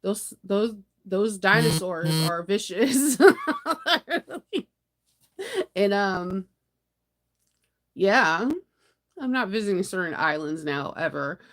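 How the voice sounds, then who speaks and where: Animated, laughing woman in casual chat. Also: mid-range voice, takes it slowly. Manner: rambling, animated, laughs often, dramatic outbursts. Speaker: sewing channel host. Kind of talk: casual morning live chat.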